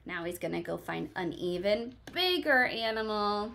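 A woman teacher reading a picture book to her class, her pitch rising and falling in lively swings. She pauses to quiz the children and praise their answers. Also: creaky. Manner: questioning, encouraging, addressing children by name.

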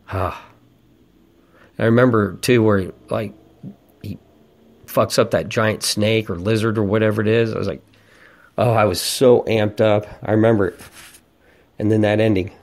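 Brief: man in his 40s, lowish voice, profane ranting podcast host, casual storytelling. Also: steady tone, normal speed, pauses often, a little mellow. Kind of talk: casual monologue.

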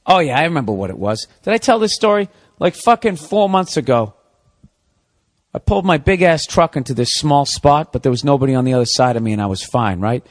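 A man's voice: mid-range voice, big pitch swings, brisk. Man, podcast host, comedic monologue, profane, ranting storyteller.

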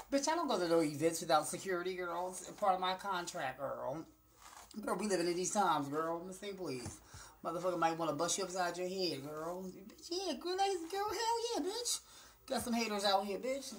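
Holding her phone at arm's length in a small room indoors, a woman vlogger delivers a sassy, spontaneous rant. She's campy, brash, and profane, constantly saying "girl" and "honey" as she jumps between loud outbursts and quiet muttered asides.

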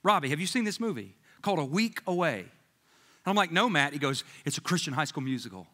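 In a church sanctuary with long reverb, a male pastor delivers a sermon as an animated storyteller, tossing in jokey asides and putting on voices for the people he quotes. His voice is a little high, and he talks fast.

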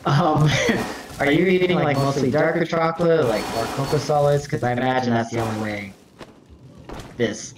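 A man's voice: medium pitch, normal speed. A man co-hosting a game stream, easygoing and a bit hesitant, with frequent laughs. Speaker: co-host and producer. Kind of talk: casual chat while gaming.

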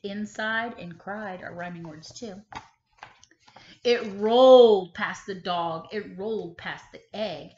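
A woman kindergarten teacher reading a picture book aloud, expressive and stopping to ask the children questions. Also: medium pitch, takes it slowly. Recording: echoey room, slightly dull sound.

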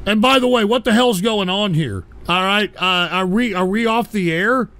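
A man hosting a crude comedic call-in show, ranting loudly and profanely with exasperation. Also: high voice, moderate pace.

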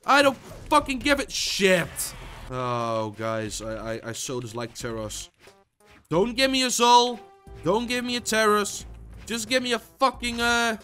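Young man raging over his game, lively and bright. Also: a little slow, smooth, soft background music. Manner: swings between frustrated shouting and low muttering, lots of swearing. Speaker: gaming YouTuber. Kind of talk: live gameplay commentary.

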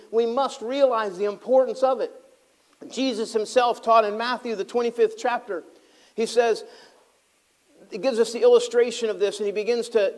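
A pastor with a high voice preaches a sermon, swinging between loud, fervent passages and hushed, tender asides. He acts out the voices of the people he describes.

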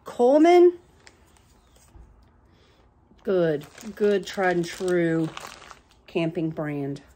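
There's a faint hiss or hum as a woman with a fairly low voice walks through her secondhand purchases at a measured pace. This middle-aged thrift vlogger keeps it casual and chatty, getting worked up with delight over tiny finds at home.

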